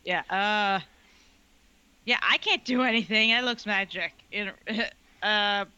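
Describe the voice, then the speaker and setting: A woman's voice: medium pitch, takes it slowly, pushed and bright, smooth, highs cut off. A woman playing in a tabletop game, hesitant and full of fillers. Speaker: player. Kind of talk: casual tabletop play.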